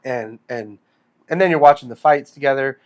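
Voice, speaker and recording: A man's voice: mid-range voice, normal speed. A man in his forties co-hosting a podcast, chatting in an easygoing way, with many fillers and casual swearing. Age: 40s. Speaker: podcast co-host. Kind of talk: casual chat.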